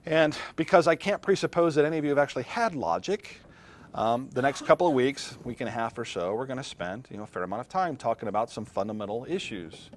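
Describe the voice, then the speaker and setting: A middle-aged man lectures on philosophy to a class. His delivery is conversational and unscripted, with pauses to put questions to the room. His voice sits at an ordinary pitch for a man. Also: lively intonation. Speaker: philosophy professor.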